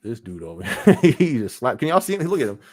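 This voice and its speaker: A man's voice: medium pitch, fast, no room sound, clean studio sound. Laid-back man hosting a live chat. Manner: relaxed, laughs often, reads viewer comments aloud. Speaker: podcast host. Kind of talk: casual live-stream chat.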